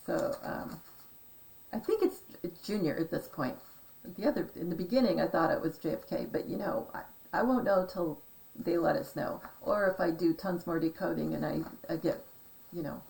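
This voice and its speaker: A woman's voice: fairly low pitch, gravelly, a little mellow, low-quality recording. A woman rambling through a casual monologue as a vlogger, meandering and hesitant, often trailing off into asides. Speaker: conspiracy decoding vlogger.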